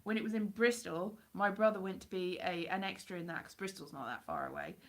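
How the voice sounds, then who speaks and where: A woman's voice: on the low side, lively intonation, a little fast. A woman from Wales with a Welsh accent blurred by years in England, chatting in a rambling, self-deprecating way on a live stream. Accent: Welsh mixed with English Midlands. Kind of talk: rambling casual chat.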